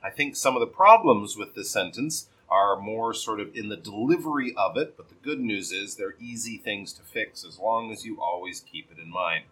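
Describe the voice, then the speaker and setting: Male speaking coach, low and slightly husky, patient feedback on a student's reading. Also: expressive, bright, forceful tone, poor audio. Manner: patient, explains then models sentences slowly with exaggerated stress. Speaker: pronunciation teacher.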